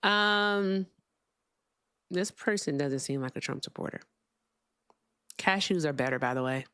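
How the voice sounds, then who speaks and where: A woman's voice: sits low, animated, unhurried, a bit bright, smooth, dry recording, studio quality. A woman hosting a live call-in debate show, blunt and sarcastic, now and then swearing. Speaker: host.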